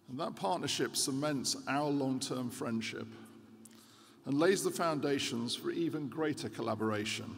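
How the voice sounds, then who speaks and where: A man in his sixties giving a formal keynote speech as a central bank governor, measured and earnest with occasional hesitations. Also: mid-range voice, vocal fry, husky. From United Kingdom. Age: 60s. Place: large conference hall. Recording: reverberant hall with faint background noise.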